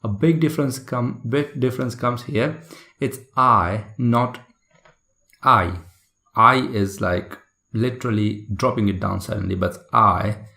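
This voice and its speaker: A man's voice: medium pitch, normal speed, vocal fry, a bit bright. A man teaching a recorded test lesson, explaining patiently and checking in with listeners. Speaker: English test tutor.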